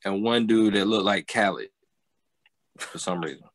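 A man's voice: on the low side, normal speed, no room sound. A man co-hosting a podcast, chatting casually with lots of hesitations and fillers. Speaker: podcast co-host.

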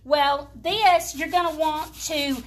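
Taking it slowly, this woman speaks in a high, steady voice. She's from the American South and has a Southern US accent, talking straight to viewers in a chatty, folksy live demonstration of furniture painting.

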